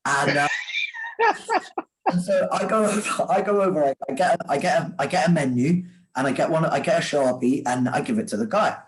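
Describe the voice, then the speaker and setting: A man's voice: on the high side, poor audio. A man, an author and sandwich shop owner, telling stories in casual chat with restarts and frequent laughter over a video call. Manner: animated, laughing, quick restarts.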